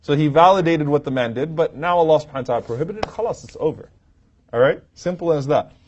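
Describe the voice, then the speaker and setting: A man's voice: fairly high pitch, animated, fast, a little mellow, slight background noise. A man teaching an Islamic lecture from a podium to a live audience, telling stories and acting out quoted lines with humor. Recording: dull, muffled lo-fi recording.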